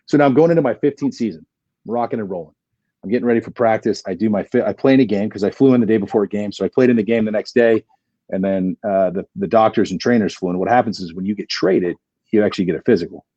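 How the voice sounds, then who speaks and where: A man in his forties, a podcast guest, telling an animated story with plenty of energy and acting out the dialogue. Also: lowish voice, fast, husky, dry recording, dull audio.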